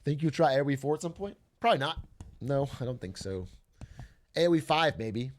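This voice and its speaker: A man's voice: mid-range voice, lively intonation, a little fast. A young man streaming a strategy game, chatting casually, joking, swearing and talking himself through nerves. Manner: jokey, swears, repeats himself when nervous. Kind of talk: casual gameplay chat. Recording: faint game music behind.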